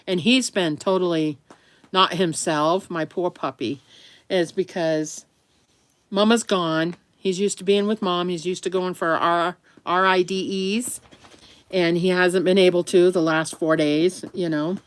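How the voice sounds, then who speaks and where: This vlogger's fairly low voice stays steady at a measured pace. She chats to camera in a meandering, chatty style, laughing often and pausing to talk affectionately to her dog.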